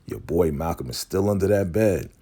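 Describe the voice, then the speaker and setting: A man with a deep voice chats through a TV episode recap. He acts out the characters' lines in a lively way. His tone is husky and breathy. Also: normal speed. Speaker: show recap host.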